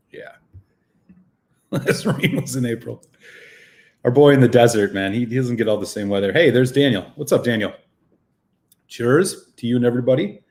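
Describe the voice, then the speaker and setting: Still a bit winded from a run, a man with a middle-pitched voice runs a laid-back live stream. He talks casually and reads the chat out loud, welcoming each viewer individually.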